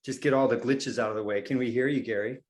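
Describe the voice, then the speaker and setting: A man's voice: mid-range voice, fairly even intonation, quick pace. A man hosting a casual video call, upbeat as he organizes guests before the show. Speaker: host.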